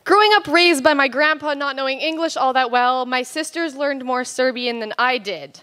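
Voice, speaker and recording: A woman's voice: high-pitched, normal speed, bright, forceful tone, clean tone. A teenage girl performing a comic spoken word story as a student slam poet. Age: teens. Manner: storytelling, playful comic timing.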